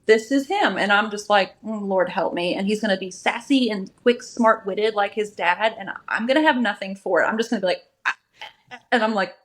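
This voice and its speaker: A woman's voice: mid-range voice, a little fast, hardly any pauses. A young woman guest in a casual chat, telling a story candidly and acting out what others said. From Nebraska. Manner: candid, animated, acts out quoted voices. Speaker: podcast guest.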